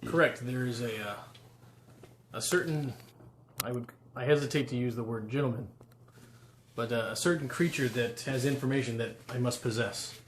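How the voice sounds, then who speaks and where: A man's voice: medium pitch, lightly acted. Man doing a formal tentacled creature. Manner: stiff, formal, measured phrasing. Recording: roomy room with background noise.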